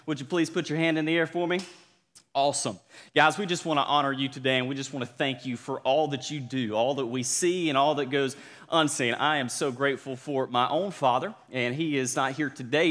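Upbeat Southern young pastor, reverberant church. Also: male voice, on the high side, fairly bright tone. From South Georgia, USA. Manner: upbeat, calls to the congregation. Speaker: student pastor. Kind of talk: sermon. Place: church sanctuary.

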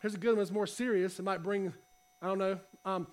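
High-voiced casual preacher man. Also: fairly quick. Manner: conversational, animated when reading, talks to the congregation. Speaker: pastor. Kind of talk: casual sermon with scripture reading. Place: church hall.

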